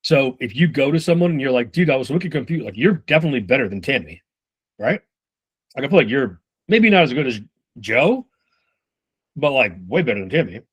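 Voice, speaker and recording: A man giving casual sales-management coaching, talking loosely and with profanity while acting out quick snippets of conversation. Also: mid-range voice, very animated, husky. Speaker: sales trainer.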